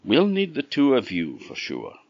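Storybook king, big swoopy voice, gravelly, scottish guy doing it, muffled audio. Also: medium pitch, huge pitch swings, measured pace, no echo, pitched above the performer's own voice, full character voice. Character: curious, demanding storybook king.

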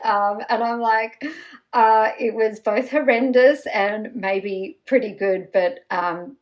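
A woman guest in casual chat, telling an animated story with fillers and laughter. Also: medium pitch, takes it slowly, low-quality recording.

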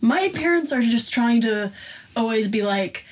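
A woman's voice: on the high side, animated, unhurried, husky. A woman from Slovakia, a podcast guest in casual chat, easygoing and agreeable.

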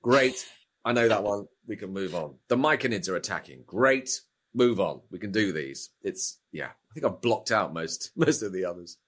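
Speaking at a normal speed in a lowish, expressive, slightly bright voice, a middle-aged British actor chats casually as an interview guest. His talk rambles, with frequent repeated words as he restarts his thoughts.

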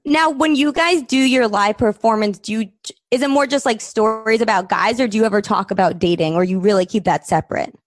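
Female co-host, rapid animated talker, high bright voice. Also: no room sound. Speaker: podcast co-host, comedian. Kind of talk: casual chat.

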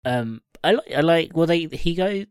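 A man's voice: on the high side, animated, moderate pace, a little mellow, clean tone, no echo. A man co-hosting a podcast in casual chat, with laid-back dry humour. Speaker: podcast co-host.

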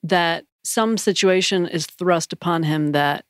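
A woman's voice: lowish voice, a little slow, no room sound, clean studio sound. A woman co-hosting a podcast, asking questions and giving brief supportive replies. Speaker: podcast co-host. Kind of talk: casual chat.

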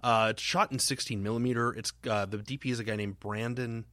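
A man co-hosting a horror film podcast, talking in a rambling, halting way with casual swearing. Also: mid-range voice, steady tone, sharp tone, no echo, studio quality. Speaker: podcast co-host.

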